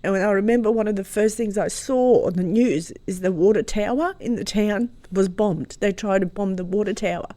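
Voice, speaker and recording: A woman's voice: mid-range voice, fairly quick, hardly any pauses, no echo. Woman telling a story. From Croatia. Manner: lively storyteller, swings from hushed to loud and laughing. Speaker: guest. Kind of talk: telling a personal story in an interview.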